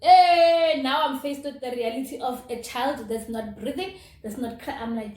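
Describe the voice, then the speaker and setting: A young woman telling a personal story in a casual, animated, dramatic way, as a vlogger. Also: high voice, normal speed. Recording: roomy with faint noise.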